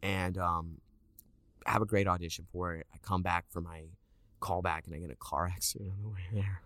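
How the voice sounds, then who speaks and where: Deep-voiced man telling stories animatedly. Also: brisk, no echo, clean studio sound. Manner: animated storyteller, acts out quotes in a higher voice. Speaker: actor guest. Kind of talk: casual interview chat.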